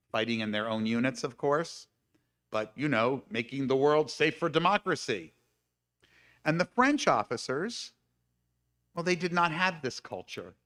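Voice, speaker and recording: A man's voice: mid-range voice, a bit bright. A man giving a talk at a live-streamed congregation service, reading passages from a book aloud with his own asides. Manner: reads quoted passages with asides and light laughs. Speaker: speaker at a humanistic congregation service.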